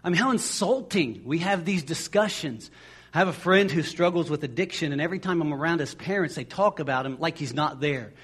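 Husky-voiced male pastor preaching. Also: fairly high pitch, lively intonation, fairly quick, a bit bright. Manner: conversational, repeats words as he restarts phrases; acts out quoted voices of people in the stories. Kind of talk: sermon.

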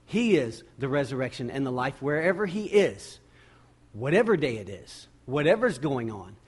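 A male pastor preaching a sermon, retelling a scripture story with dramatic pauses and repeated words. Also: medium pitch, sing-song, husky.

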